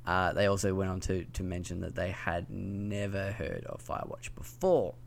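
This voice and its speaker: Low gravelly man with a lisp. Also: moderate pace. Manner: loose, rambling, lots of ums and likes. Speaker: podcast host. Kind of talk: casual gaming news chat.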